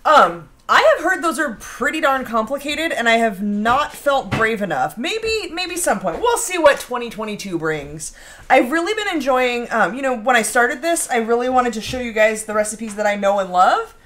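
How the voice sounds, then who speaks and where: A woman's voice: a little high, sing-song, moderate pace, a bit bright, slight background noise. A woman hosting a casual home baking live stream, chatting and reading out viewer comments. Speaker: baking show host. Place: home kitchen.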